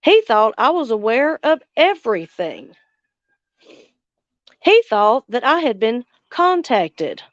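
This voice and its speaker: A woman's voice: on the high side, big pitch swings, slow, long pauses, no echo, muffled recording. A woman, hosting a casual livestream chat, angry and blunt, swearing heavily and answering viewers' comments. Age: 40s. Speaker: livestream host.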